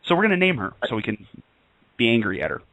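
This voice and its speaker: A man's voice: mid-range voice, huge pitch swings, fast talker, a bit bright, no echo, poor audio. A man co-hosting an online radio talk show, chatting casually and rambling with laughs. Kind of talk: casual chat.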